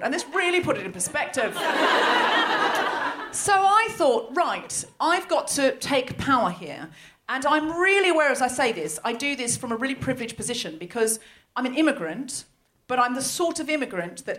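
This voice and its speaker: Animated Australian woman telling a story. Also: on the high side, a little hiss or hum. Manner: animated, self-mocking, laughing through lines. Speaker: comedy podcast host. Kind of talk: stand-up storytelling before a live audience. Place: large hall with live audience.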